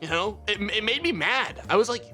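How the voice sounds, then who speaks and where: A man's voice: sits high, animated, brisk, pushed and bright, faint music behind. A man streaming live who rants and swears heatedly while he chats to his viewers. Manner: ranting, profane, heated. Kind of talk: casual livestream chat.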